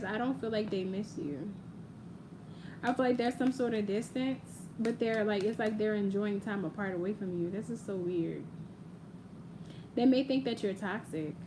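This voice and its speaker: Speaking in a slightly high voice against a noisy background, a young woman runs a relaxed live-stream tarot reading. She's playful and talkative, addressing viewers directly, with quiet ambient audio playing underneath.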